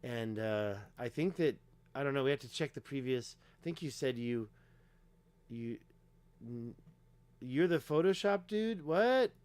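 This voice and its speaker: A man's voice: mid-range voice, lively intonation, a little slow, long pauses, a little mellow, clear, resonant tone. A man hosting a casual livestream, talking emphatically and rambling with lots of fillers while clicking through pages. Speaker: livestream host.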